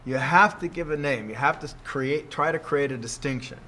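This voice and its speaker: A man's voice: a little high, normal speed, bright, forceful tone, slight background noise. Older guy rambling thru a lesson, says "see?" a lot, chuckly. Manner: rambling, keeps asking "see?", chuckles often. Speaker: teacher. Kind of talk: casual teaching talk.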